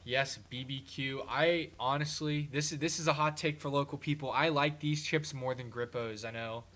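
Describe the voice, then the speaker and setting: Young guy, bright voice, goofy joking podcast chat. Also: mid-range voice, fairly even intonation, moderate pace. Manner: playful, joking, rambling. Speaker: podcast co-host. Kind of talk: casual chat.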